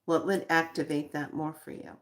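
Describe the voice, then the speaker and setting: A woman giving a guided spiritual card reading, slow and reflective, repeating her questions to the listener. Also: deep voice, flat delivery, noisy background.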